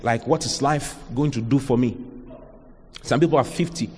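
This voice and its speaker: Ghanaian pastor preaching in a reverberant hall. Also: male voice, mid-range voice, normal speed, a little hiss or hum. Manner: emphatic preaching with rhetorical questions. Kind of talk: sermon.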